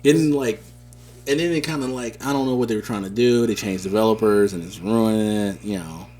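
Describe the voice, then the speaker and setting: A man co-hosting a podcast, telling stories in a casual, animated, slangy way. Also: on the low side, brisk. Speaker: podcast co-host. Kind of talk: casual chat.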